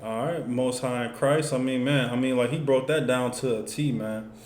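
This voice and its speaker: A teacher with a medium-pitched, darkish voice speaks at normal speed and fairly even intonation, rambling loosely through his lesson with fillers such as "you know what I'm saying." The echoey room carries faint noise.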